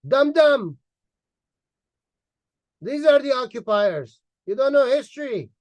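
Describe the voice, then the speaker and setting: A man with an extremely high, sing-song voice speaks slowly as an online commentator, angrily mocking and insulting his target. He repeats words for emphasis, and the recording has no echo.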